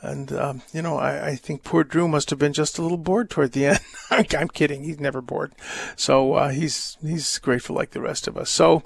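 A man hosting a Catholic call-in radio show, reading letters and answering questions in a rambling, halting, wry way. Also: fairly high pitch, steady tone, gravelly, slightly rough, no echo. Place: radio studio. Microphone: studio microphone.

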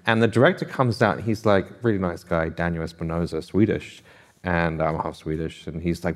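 A man on a festival panel, telling anecdotes in a chatty, animated way and acting out what people said. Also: deep voice, fairly quick. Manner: animated storyteller, lots of "I was like" quotes. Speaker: author on a panel.

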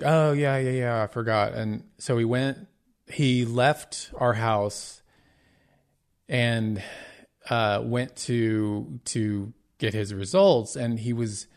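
Podcast host, middle-aged man, candid storytelling, frequent restarts, average pitch. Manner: candid, earnest retelling with many restarts and quoted dialogue. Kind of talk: personal storytelling.

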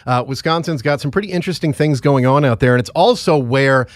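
A man's voice: mid-range voice, fairly quick, dry recording, studio quality. A man hosting a casual morning podcast, rambling and joking with his producer, with plenty of fillers. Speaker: podcast host. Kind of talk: casual morning show chat.

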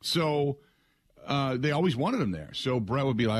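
A middle-aged man hosting sports talk radio, excitable and rambling, often putting on other people's voices. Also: mid-range voice, normal speed, dry recording. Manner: excitable, mimics voices, frequent restarts.

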